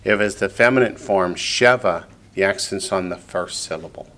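A man's voice: low voice, a little fast, fairly bright tone. A man teaching a classroom lesson who repeats each student's answer back and then explains it patiently, step by step. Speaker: Hebrew teacher.

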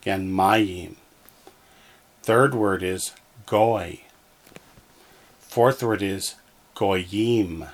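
A man's voice: sits low, very slow, long pauses. A man teaching a language lesson, patiently saying each word twice so that listeners can repeat after him. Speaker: Hebrew teacher. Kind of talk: slow, deliberate language lesson.

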